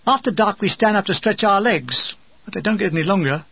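A man reading a comic wartime memoir in a wry, deadpan way, in a dull, dry, lo-fi recording. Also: high voice, a little fast, slightly rough, dry recording. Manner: wry, deadpan humor with acted asides. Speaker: memoir narrator.

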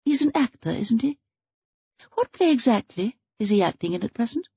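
A woman's voice: on the high side, very animated, normal speed, vocal fry, dark tone, breathy edge, no echo, highs cut off, voice pushed up, exaggerated voice. Woman reading as a prim elderly spinster sleuth. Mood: musing. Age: older. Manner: prim, thoughtful, murmuring.

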